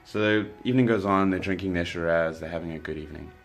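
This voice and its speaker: A young South African man casually telling a story, relaxed and rambling, with lots of fillers and restarts. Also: low voice, fast talker, vocal fry, soft background music. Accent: South African English. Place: indoors by candlelight.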